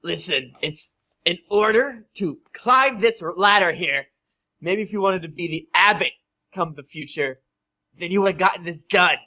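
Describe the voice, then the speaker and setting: A man's voice: high-pitched, expressive, moderate pace, sharp tone, pitched above the performer's own voice, exaggerated voice. A man voicing a lazy, scheming male crime boss who makes crude, blustering threats, on a dull lo-fi recording.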